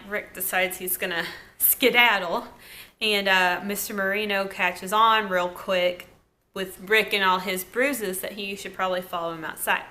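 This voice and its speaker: Chatty Southern young woman, bright voice. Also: mid-range voice. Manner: chatty, relaxed, lots of "like" and "kinda". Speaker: TV episode reviewer. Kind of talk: casual episode recap.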